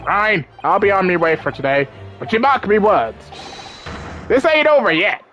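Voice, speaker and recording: A woman's voice: medium pitch, big pitch swings, normal speed, a bit bright, dull audio, soft background music. Woman doing a brash cockney woman. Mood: defiant. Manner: brash, defiant. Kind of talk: video game let's play voice acting.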